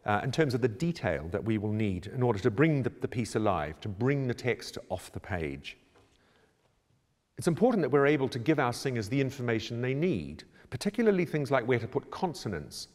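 A man working as a choir director, calmly explaining how to prepare a choral score in a measured, instructional way. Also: medium pitch. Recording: reverberant room with long echo.

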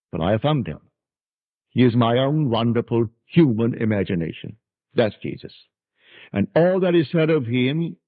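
A man's voice: mid-range voice, slightly rough, dry recording, narrow, tinny audio. A man giving a spiritual lecture in an emphatic, preaching cadence, heard from an archival lecture recording.

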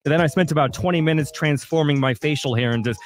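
A man's voice: a little high, quick pace. A man co-hosting a radio show, reading a comic review in a dry, mock-pretentious storytelling manner from a studio.

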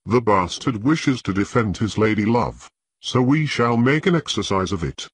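A man with a husky, low voice playing a cold, sharp-voiced, taunting master-at-arms in an audiobook. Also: lively intonation, normal speed, dry recording. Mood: sneering. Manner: taunting, contemptuous.

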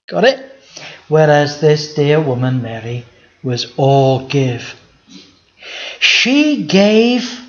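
Pastor preaching, lo-fi recording. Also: male voice, a little high. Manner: conversational preaching with rhetorical questions to the audience. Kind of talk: sermon. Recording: dull lo-fi sound.

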